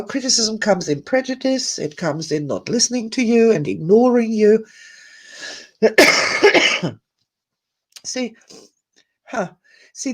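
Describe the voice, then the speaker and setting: A woman hosting a live online talk, speaking earnestly in a reflective monologue, laughing softly between thoughts and replying to viewer comments. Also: medium pitch. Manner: earnest, musing, reading viewer comments aloud.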